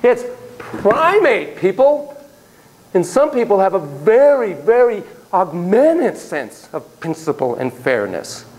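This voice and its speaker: Lively, theatrical male lecturer. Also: sits high, measured pace, few pauses, rough recording. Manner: theatrical, acts out quotes and monkey shrieks, jokey asides. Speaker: psychotherapist lecturing a class. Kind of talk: animated classroom lecture.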